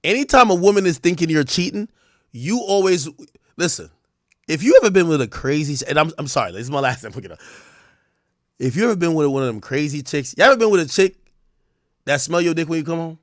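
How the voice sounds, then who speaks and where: A man with a high voice whose pitch leaps around as he riffs on stream. He swears freely and bursts into loud shouts. His voice sounds dry and close, with no room around it. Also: fast, no echo. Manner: animated, profane, breaks into loud shouted outbursts. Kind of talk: casual comedic stream commentary.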